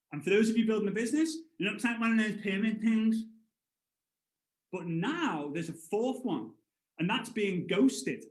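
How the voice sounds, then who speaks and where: A man in his thirties leads an upbeat sales training. His voice sits high for a man and jumps around as he tells stories. The room leaves a noticeable echo on every word. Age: 30s. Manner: energetic storyteller, acts out voices with big jumps. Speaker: network marketing trainer. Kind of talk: live motivational sales training.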